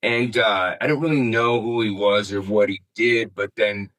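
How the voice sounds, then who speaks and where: A man's voice: lowish voice, normal speed, fairly bright tone, low-quality recording. A middle-aged man telling a story as an interview guest in casual, rambling talk, swearing freely and saying "man" often. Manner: rambling, laid-back, peppered with "man" and swearing.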